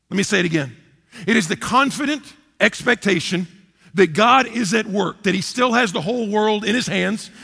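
A man preaching a sermon as a pastor from the United States, emphatic, repeating key phrases and swinging between loud and quiet. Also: high-pitched, gravelly, slightly rough. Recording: long hall reverb.

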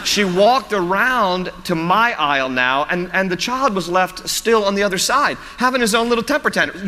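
A man's voice: sits high, lively intonation, normal speed, few pauses, bright, forceful tone. A man preaching a sermon as pastor, mixing scripture teaching with humorous personal stories and laughter. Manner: storytelling, self-deprecating humor with laughs. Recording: reverberant hall.

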